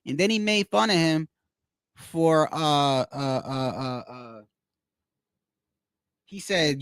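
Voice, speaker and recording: A man hosting a casual livestream, rambling in a slangy, animated way and repeating himself as he tells stories. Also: fairly high pitch, measured pace, long pauses, dry recording, studio quality. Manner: slangy, rambling, keeps saying "bro". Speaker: livestream host. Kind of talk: casual livestream boxing chat.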